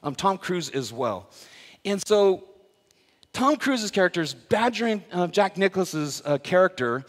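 A man's voice: high voice, big pitch swings, unhurried. A male pastor preaching a sermon in a church, telling a story with playful asides to the congregation. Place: church worship center. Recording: long hall reverb.

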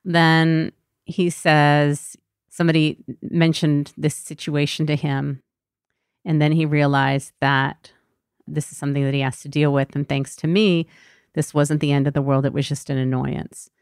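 A woman's voice: deep voice, flat delivery, measured pace, smooth, no echo, studio quality. A woman therapist hosting her podcast, talking candidly and vulnerably in a personal monologue. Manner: candid, vulnerable, emotionally raw.

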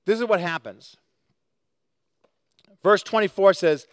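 A male pastor preaches with a fairly high voice, swinging between hushed earnest moments and bright, lively asides. He talks to the congregation conversationally, and the sound is dry and close. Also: a little slow, long pauses, no echo. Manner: animated, conversational, acts out quotes. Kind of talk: sermon. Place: church sanctuary.

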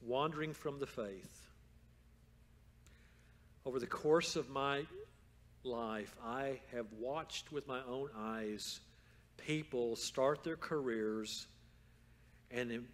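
A man preaching a sermon as pastor in a church, moving from calm storytelling to loud, fervent exhortation. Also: mid-range voice. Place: church sanctuary.

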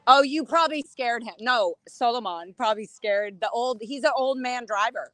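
A woman with a high, sharp, bright voice speaks outdoors on a city sidewalk, shouting blunt, profane protest lines at a building. Between shouts she chats casually to the camera on a handheld phone. Her voice sounds close and dry. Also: moderate pace, dry recording. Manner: loud, blunt and profane, calling out to people inside. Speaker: street protester filming a livestream. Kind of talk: confrontational shouting at a building mixed with casual chat.

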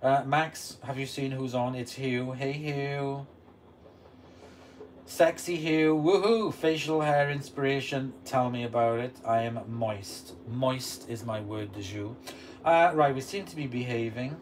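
Next to a running washing machine, a man hosts a laid-back livestream in a medium-pitched, slightly slow voice, answering comments from viewers. He's captured by a distant mic with steady noise behind him.

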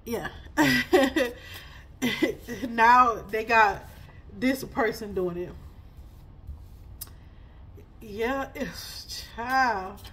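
A woman in her thirties with a high, bright voice and a slightly husky edge, speaking. She gives a casual spiritual reading, chatty and sassy, often breaking into laughter. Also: very slow. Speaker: spiritual reader.

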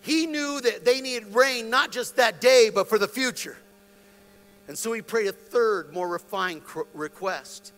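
A male pastor preaching an impassioned sermon, with stammered restarts and repetitions that build into shouted exhortations. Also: high voice, measured pace. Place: church sanctuary. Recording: long reverb of a large hall.

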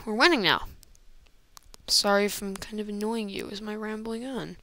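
Recorded dry on an old computer mic, this woman talks through her own gameplay in a casual, rambling way. Her voice is medium in pitch and normal in speed, and she laughs and exclaims often.

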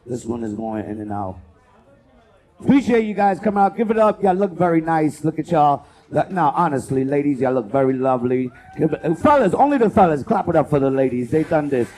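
A man doing a loud, profane stand-up comedy set as host, working the crowd and acting out bits. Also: a little high, a little fast. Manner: loud, profane, animated crowd work with acted-out voices.

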